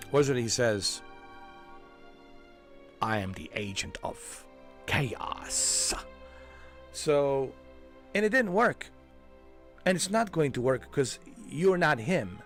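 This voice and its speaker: A man chatting casually during a game walkthrough, excitable and rambling, often swearing. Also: mid-range voice. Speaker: gaming streamer.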